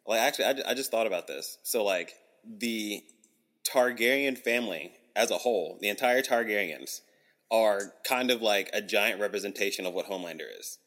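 Male podcast co-host, low register, loose slangy banter. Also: moderate pace, a bit bright, in a large hall. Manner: loose, slangy, swearing, lots of "like". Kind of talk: casual chat.

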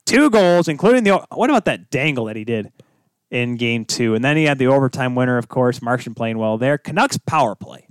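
A man hosting a casual hockey podcast, animated and teasing, breaking into loud bits. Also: mid-range voice, fairly quick, clean tone, no room sound. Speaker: podcast host. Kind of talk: casual sports chat.

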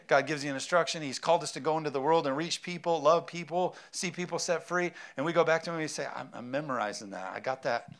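A man's voice: fairly high pitch, fairly even intonation, fast, hardly any pauses, a bit bright. A man preaching a sermon, emphatic, with rhetorical questions and frequent amens. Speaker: pastor.

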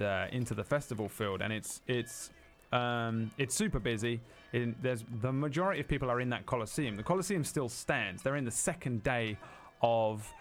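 A man's voice: mid-range voice, a bit bright. A man running a tabletop game on a stream, talking casually and rambling through rules and scene narration. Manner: casual, rambling, laughs often. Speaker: game master.

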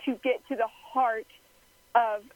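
Thoughtful woman, higher voice. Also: steady tone, slow pace, narrow, tinny audio. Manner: thoughtful, many fillers and restarts. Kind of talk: casual chat.

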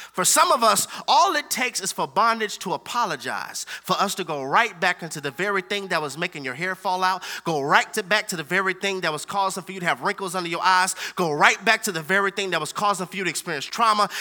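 High bright-voiced preacher man. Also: gravelly. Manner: animated preaching with acted-out voices and laughter. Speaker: pastor. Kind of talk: sermon.

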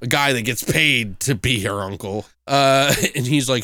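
A young man rambles through a profane movie recap, laughing at his own jokes. His voice is bright and swings widely in pitch. The recording is dry and close. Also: expressive, unhurried, dry recording. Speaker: podcast co-host reviewing a movie. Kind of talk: casual chat.

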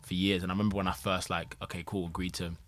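Deep-voiced man. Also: quick pace. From England. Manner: relaxed, rambling with many fillers and repeats. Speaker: guest actor. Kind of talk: casual conversational interview.

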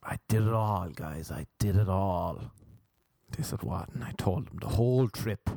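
A man telling a crude comic story as a podcast host, rambling and breaking into high shrieks. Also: animated, a little slow, vocal fry, dark tone, dry recording, clean studio sound.

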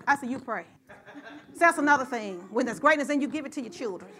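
A high, bright-voiced middle-aged woman preaches a sermon. She draws the congregation in with call and response, tells a story from her own life, and climbs into loud shouts. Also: lively intonation, quick pace.

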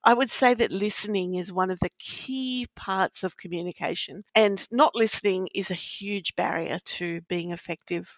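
A woman hosting a podcast, explaining in a measured, explanatory way and stressing key words. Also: medium pitch, no room sound. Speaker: podcast host, practice faculty manager. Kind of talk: scripted-sounding podcast chat. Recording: dry, slightly dull lo-fi recording.

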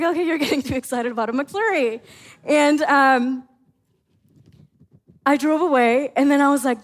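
A middle-aged woman pastor preaching a sermon, telling family stories in an animated way and acting out her own lines. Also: high-pitched, moderate pace, long pauses. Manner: animated storytelling, acts out her own quotes.

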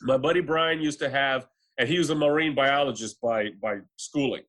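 A man co-hosting a casual movie podcast, telling stories with animated energy and acting out the people he quotes. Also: mid-range voice, moderate pace. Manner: animated storyteller, acts out quoted voices. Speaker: podcast co-host. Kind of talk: casual movie chat and storytelling.

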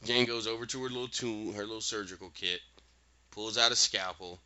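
A man hosting a podcast, recapping an episode in a casual, animated storytelling way with quick asides. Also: fairly low pitch, lo-fi sound.

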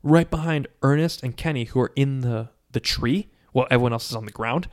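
Man, casual chat, storytelling, lots of filler words, mid pitch. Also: a little fast. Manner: animated storytelling with many "like" fillers, acting out quotes. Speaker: podcast co-host recapping a movie.

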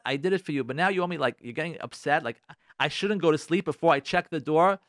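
A man's voice: on the high side, a bit bright, no echo, studio quality. A man giving marriage advice on a radio talk show, preaching with rhetorical questions and repetition. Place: radio studio.

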